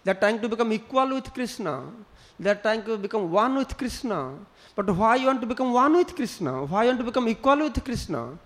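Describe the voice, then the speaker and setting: High-voiced man giving a sermon. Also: sing-song, brisk, fairly bright tone. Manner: storytelling with acted quotes, non-native English phrasing. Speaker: spiritual teacher.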